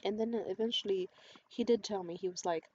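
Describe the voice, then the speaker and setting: A woman vlogger telling a personal story in a candid, profane and animated way. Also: medium pitch, fairly quick. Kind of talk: storytime monologue. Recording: slightly dull, faint hiss.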